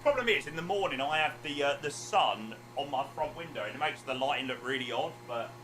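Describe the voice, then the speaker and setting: A man's voice: mid-range voice, animated, a little fast, music in the background. Chatty man streaming a flight sim. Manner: chatty, swears, talks to chat. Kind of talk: casual live-stream chat.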